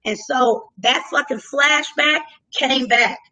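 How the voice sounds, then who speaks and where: Animated, high bright-voiced woman storyteller. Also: takes it slowly, poor audio. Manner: animated, profane, acts out her own lines loudly. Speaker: guest telling a story. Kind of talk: casual storytelling.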